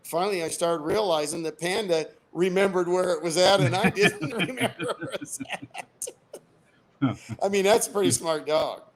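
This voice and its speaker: An older American man spins a long, rambling yarn as a radio guest, laughing at his own punchlines. His voice sits a bit high for a man. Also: moderate pace. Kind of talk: casual storytelling.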